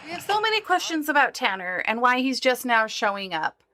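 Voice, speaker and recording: A woman's voice: sits high, big pitch swings, fairly quick, pushed and bright. A woman co-hosting a podcast, chatting casually in a wry, sarcastic way with frequent laughs. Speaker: podcast co-host. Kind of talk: casual chat.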